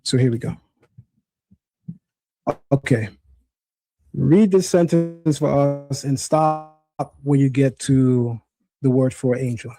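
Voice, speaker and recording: Hosting a streamed debate about how Hebrew should be pronounced, this man presses his guest with insistent corrections. His mid-range voice moves slowly with frequent pauses, coming through a screen-sharing stream setup.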